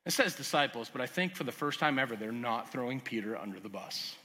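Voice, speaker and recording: A man preaching a sermon as pastor, swinging from loud urgent emphasis to quiet lowered asides. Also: lively intonation, fast talker, slight background noise. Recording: long hall reverb.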